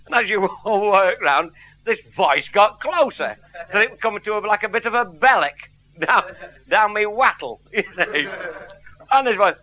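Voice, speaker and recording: A blunt, earthy man telling a comic yarn, his voice high and swinging widely up and down. There is a steady hiss behind him, as on an old radio recording. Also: unhurried, low-quality recording. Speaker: storyteller. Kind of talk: comic anecdote before a live audience.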